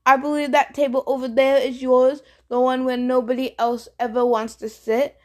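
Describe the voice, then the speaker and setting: A woman's voice: sits high, level tone, moderate pace, darkish tone, close to an everyday voice. A woman voicing a smug, bored male god. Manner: drawling, mocking.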